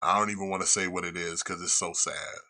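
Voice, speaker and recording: A man with a fairly low voice and a bright, forceful edge talks in a loose, casual way. He tells a story in a rambling, profane manner, with frequent restarts. It sounds like a laid-back podcast host chatting. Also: fairly even intonation, fast. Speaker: podcast host reviewing a show. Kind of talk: casual chat.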